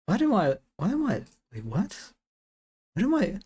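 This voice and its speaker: A man's voice: high voice, wildly swooping pitch, moderate pace, mellow, slightly rough. A man casually commenting while playing a game on a live stream, chatty with giggly asides.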